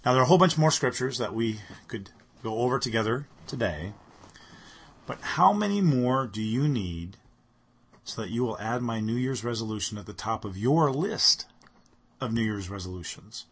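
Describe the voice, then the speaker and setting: A man's voice: medium pitch, animated, moderate pace, slightly rough. A man delivering a sermon, speaking earnestly and reading scripture aloud with rising emphasis. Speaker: preacher.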